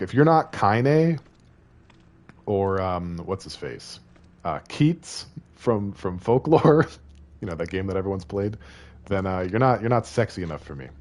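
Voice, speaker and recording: Playful low-voiced male streamer. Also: a little mellow. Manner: rambling and playful, talking to chat and reading game text aloud. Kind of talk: casual live-stream chat while playing.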